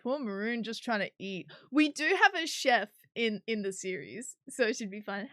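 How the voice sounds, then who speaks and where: A woman's voice: on the high side, normal speed, no echo, studio quality. A woman streamer chatting casually while she works on a 3D model, giggly and swearing now and then.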